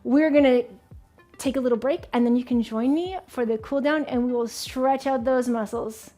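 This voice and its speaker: A woman's voice: fairly high pitch, normal speed, mellow, faint music behind. A woman hosting a home workout show, guiding viewers through push-ups and stretches with encouragement, a little out of breath. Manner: encouraging, counting reps aloud with laughs. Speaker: fitness instructor and host. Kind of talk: guided home workout instruction.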